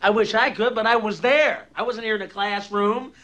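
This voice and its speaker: A bitter classroom ranter, very high, sharp voice, shouting, film scene. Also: male voice, fairly even intonation, normal speed. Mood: scornful. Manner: scornful, shouting. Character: bitter man ranting at a classroom. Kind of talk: film dialogue.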